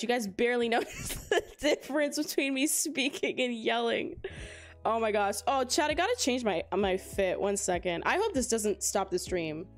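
A young woman hosting a gaming livestream, chatting casually to her viewers in a bubbly, rambling way with many fillers and laughs, on a desk mic at home. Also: a little high. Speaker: livestream gamer host. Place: home streaming setup. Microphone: desk microphone with high gain.

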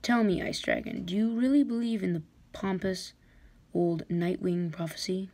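Woman voicing a sneering female dragon warlord, cruel and taunting, gravelly low voice, storybook villain. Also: moderate pace, a little mellow.

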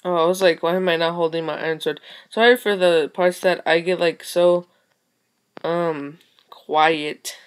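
A young woman giving casual game commentary, excitable, exclaiming and muttering to herself as she plays. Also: fairly low pitch, a little slow. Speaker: gaming video creator.

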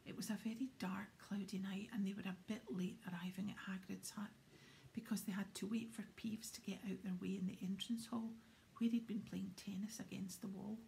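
A woman reading a storybook aloud in a soft, steady whisper. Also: mid-range voice, moderate pace, vocal fry, a little hiss or hum. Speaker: audiobook reader.

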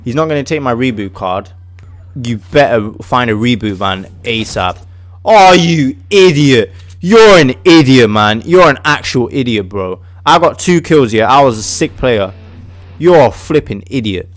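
Excitable English man gaming. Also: mid-range voice, a little slow, no echo, faint music behind. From England. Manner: excitable, shouts at his teammate. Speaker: gaming video host. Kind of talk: casual gameplay commentary.

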